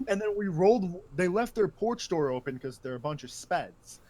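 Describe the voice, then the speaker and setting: A man's voice: high voice, animated, moderate pace, a crowd in the background. A young man telling a profane story to friends on a casual podcast, rambling and often laughing. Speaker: podcast host.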